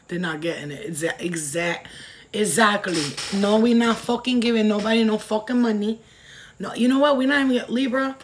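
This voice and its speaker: A woman's voice: mid-range voice, a little hiss or hum. Brash woman tarot reader, profane and rambling, off on tangents. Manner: goes off on tangents. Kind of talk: casual tarot reading.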